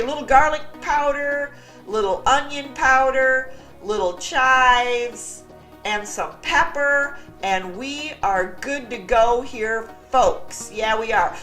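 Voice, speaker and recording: A woman's voice: fairly high pitch, a bit bright. A middle-aged woman hosting a casual cooking vlog, chatty and joking at her own expense. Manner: chatty, joking, self-deprecating. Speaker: vlog host.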